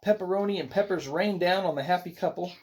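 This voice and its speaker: A storybook reader narrating a picture book aloud with expressive, animated delivery. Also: mid-range voice, fast.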